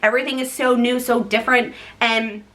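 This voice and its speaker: A woman's voice: fairly high pitch, level tone, brisk, pushed and bright. A young woman vlogger casually telling a personal story to the camera, chatty and talking straight to her viewers. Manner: chatty, addresses viewers as "guys".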